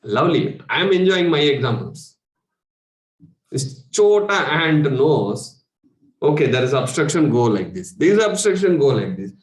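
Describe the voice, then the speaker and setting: Giving a spiritual workshop talk, an Indian English-accented meditation coach speaks conversationally, with rhetorical questions and chuckles. His voice runs high and sing-song, slightly slow, in a room with echo.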